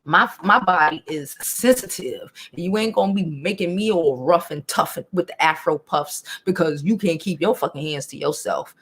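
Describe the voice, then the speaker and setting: A young woman, hosting a casual live stream, talking bluntly and profanely, animated, and reading chat comments aloud. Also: fairly low pitch, normal speed, hardly any pauses, slightly rough.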